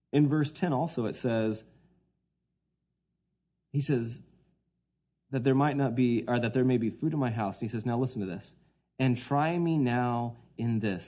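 A man preaching a sermon, swinging between hushed quoted lines and loud, emphatic points. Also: mid-range voice.

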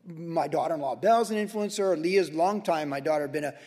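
A man in his sixties preaching a sermon, telling everyday stories in a loose conversational way with quick asides. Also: fairly high pitch, a little mellow. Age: 60s. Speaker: pastor. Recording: long hall reverb.

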